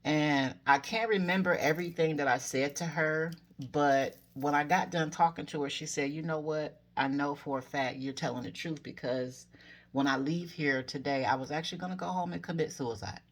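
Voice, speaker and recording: A woman's voice: deep voice, normal speed. A woman in her forties telling personal spiritual stories to her viewers in a casual, earnest way, often correcting herself mid-story and giving encouraging advice. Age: 40s. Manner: encouraging advice to fellow dreamers. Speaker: spiritual vlogger.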